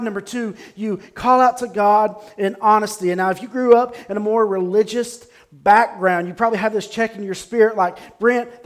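A male pastor preaching a sermon at a church service, emphatic and repeating his key phrases. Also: sits high.

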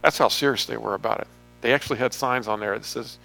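A man's voice: mid-range voice, fast talker, gravelly, sharp tone. A man giving a casual sermon from slides, chatty and joking, drifting off topic now and then. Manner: chatty, jokey, wanders off topic. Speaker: pastor.

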